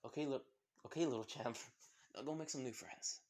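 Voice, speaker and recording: A man's voice: mid-range voice, a little mellow, natural voice. A man voicing a kind, encouraging adult father who speaks hesitantly with restarts. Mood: cheerful. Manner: hesitant, halting speech with restarts.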